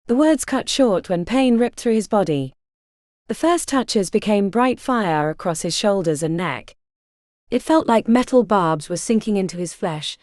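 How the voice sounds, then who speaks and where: A woman narrating an audiobook in an expressive, animated way. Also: mid-range voice, dry recording, clean studio sound.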